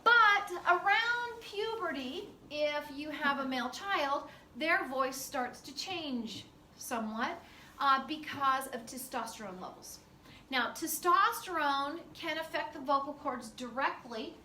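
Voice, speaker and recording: Casting: female lecturer, high bright voice, chatty with fillers, recorded from far off in an echoey classroom. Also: expressive, takes it slowly, a little hiss or hum. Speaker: teacher.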